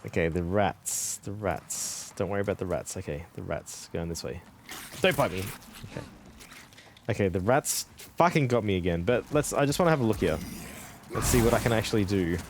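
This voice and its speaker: A man live-streaming a video game, chatting with viewers, excitable, laughing and swearing often. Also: fairly low pitch, fairly quick, a little hiss or hum.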